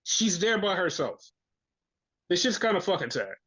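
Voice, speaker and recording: A man's voice: sits high, sing-song, normal speed, sharp tone, slightly rough. A man hosting a podcast, ranting in casual chat with frequent profanity and exasperation. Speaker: podcast host. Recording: dull lo-fi audio.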